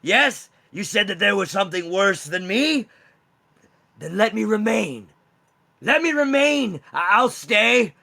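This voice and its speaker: A man's voice: sing-song, a little slow, vocal fry, bright, forceful tone, exaggerated voice. A man voicing a cornered male Wendigo monster who begs frantically for his life. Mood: pleading. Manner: high, frantic begging.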